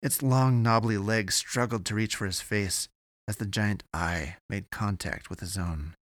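A man giving steady, measured scripted narration of an audiobook. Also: fairly low pitch, dry recording, clean studio sound.

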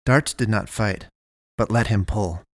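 A man narrating a first-person story in a measured, deliberate way. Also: fairly low pitch, no room sound, studio quality.

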